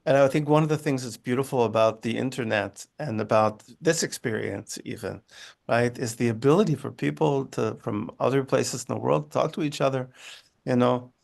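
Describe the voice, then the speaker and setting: A man, a guest on a video call from his living room, telling a personal story in a halting way with many restarts. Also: mid-range voice, creaky, darkish tone. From United States. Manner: halting, with frequent restarts and asides. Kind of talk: conversational storytelling.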